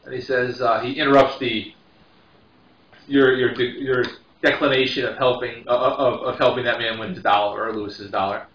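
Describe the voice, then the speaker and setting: A man narrating a tabletop game as game master. He talks in a relaxed way with many restarts, and his voice is bright. He sits far from the mic in an echoing room. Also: mid-range voice, moderate pace, highs cut off.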